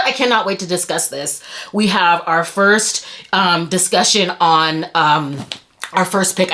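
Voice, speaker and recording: A woman's voice: lowish voice, slow, pushed and bright, slight background noise. A young adult woman vlogging as she unboxes book mail, gushing with breathless exclamations and stumbling over her words. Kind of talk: excited unboxing chat.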